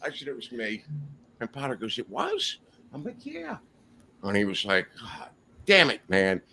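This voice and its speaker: A man's voice: on the low side, animated, moderate pace, pushed and bright, slight background noise. A man casually telling rambling, profane anecdotes on a podcast, laughing as he goes. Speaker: podcast guest telling stories. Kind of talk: casual storytelling chat.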